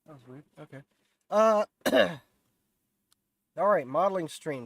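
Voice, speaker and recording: A man's voice: a little high, lively intonation, slow pace, vocal fry, long pauses, no room sound. A man with a nasal, stuffy voice from a cold, casually rambling through a live modeling stream with self-deprecating asides. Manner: rambling, self-deprecating, lots of fillers and restarts.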